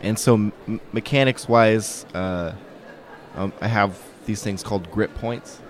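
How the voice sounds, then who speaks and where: A man playing a tabletop game who explains the rules and his moves in a deliberate way. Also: on the low side. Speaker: player. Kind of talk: casual tabletop game chat.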